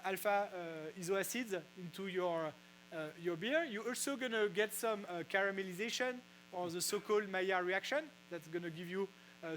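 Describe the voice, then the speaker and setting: A man with a French accent giving a casual science talk, halting with many fillers and restarts. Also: high voice, a bit bright, a little hiss or hum, rough recording. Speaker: physicist explaining brewing science. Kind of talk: casual lecture. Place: brewery.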